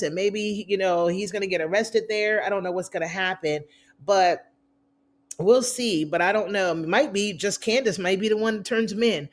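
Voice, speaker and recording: Chatty woman recapping a TV episode. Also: medium pitch. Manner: chatty, acts out characters' lines in quotes; conversational with frequent fillers and asides. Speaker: TV recap reviewer.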